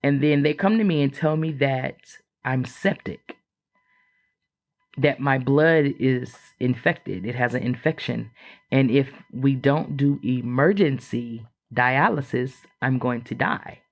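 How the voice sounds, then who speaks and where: A woman's voice: slow pace, lo-fi sound. A woman guest on a podcast telling a personal story in a frank, chatty way, acting out what others said with big leaps in her voice. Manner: animated, acts out quoted voices with big jumps in pitch; frank and chatty, with frequent fillers.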